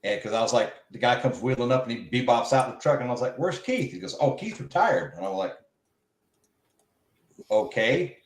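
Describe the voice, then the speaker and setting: A man telling a casual shop story, animated and mimicking the people he quotes. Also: mid-range voice, a little fast, long pauses, echoey room, rough recording.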